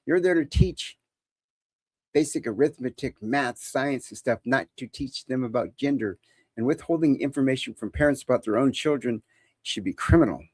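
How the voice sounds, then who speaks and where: A man's voice: mid-range voice, animated, moderate pace, darkish tone, husky, no room sound. A man hosting a live call-in show, talking in a casual, opinionated and joking way.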